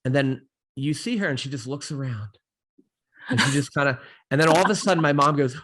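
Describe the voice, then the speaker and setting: A man's voice: mid-range voice, brisk, fairly bright tone. A middle-aged man hosting an interview, telling stories in a loose, rambling way full of fillers and restarts. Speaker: host. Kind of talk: casual interview chat.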